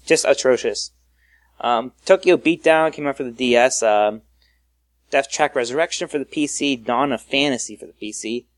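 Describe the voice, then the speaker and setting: A man hosting a casual gaming podcast, reading through a list briskly and joking with his co-hosts. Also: mid-range voice, dry recording. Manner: reads a list briskly, jokey. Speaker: podcast host.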